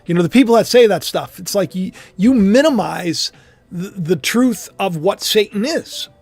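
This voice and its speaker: A man preaching to his online audience with impassioned spiritual commentary, repeating phrases emphatically and swinging from loud outbursts to hushed asides. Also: high-pitched, animated, moderate pace, vocal fry, no echo, faint music behind.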